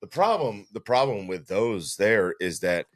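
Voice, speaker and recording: Man, podcast co-host, slow emphatic speech, animated pitch. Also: dry recording, clean studio sound. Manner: slow and emphatic, repeats himself. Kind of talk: casual chat.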